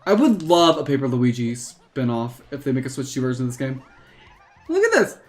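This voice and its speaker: A woman's voice: very deep voice, fairly quick, a little mellow. A woman streaming a game and talking casually, in a rambling, hesitant way. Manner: rambling, hesitant, with fillers and restarts. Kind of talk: casual gameplay commentary.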